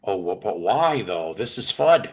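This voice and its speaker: A man's voice: fairly low pitch, big pitch swings, a little slow, poor audio. A man hosting a casual chat show, rambling and joking and swearing freely. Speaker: podcast host.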